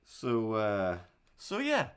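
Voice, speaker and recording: A young man with a lowish voice rambles through casual livestream chat, cracking self-deprecating jokes as he fiddles with his setup. He talks in a loose, unscripted way, full of asides. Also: wildly swooping pitch, very slow, smooth. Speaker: livestream host. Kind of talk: casual chat while setting up a drawing stream.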